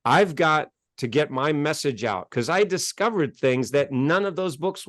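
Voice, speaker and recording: A man from the United States, a self-help author telling his life story as an interview guest, animated and acting out conversations. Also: fairly high pitch, measured pace, dry recording, studio quality. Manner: animated, gets worked up and acts out exchanges.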